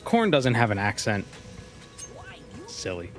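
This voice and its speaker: A man's voice: lowish voice, huge pitch swings, slow pace. A man streaming a game, chatting casually and reacting aloud to what happens on screen. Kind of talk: casual gameplay commentary. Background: game music.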